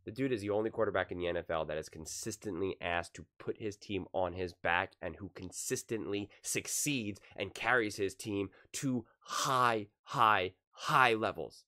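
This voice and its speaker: A man with a somewhat low voice talks straight to camera about sports as the host of his own channel. He is impassioned and casual, repeating words for emphasis and stumbling into restarts as he makes his case. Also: normal speed, few pauses, bright, forceful tone. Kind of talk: casual opinion commentary to camera.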